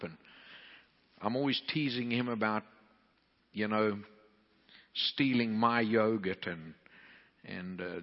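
A man preaching to a crowd of preachers, telling a folksy, animated story full of restarts. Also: lowish voice, long reverb tail, dull audio.

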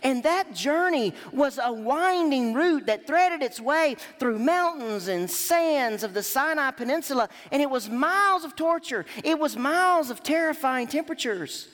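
A woman preacher with a fairly high voice delivers her sermon emphatically, swinging her pitch up for emphasis and low to land a point. Her words ring out in a long hall reverb, as in a church sanctuary. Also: measured pace, few pauses. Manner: emphatic, lively rises and drops.

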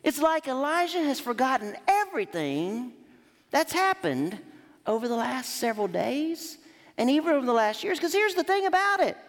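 High-voiced woman preacher in a ringing hall. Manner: emphatic, lively rises and drops. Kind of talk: sermon. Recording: long hall reverb.

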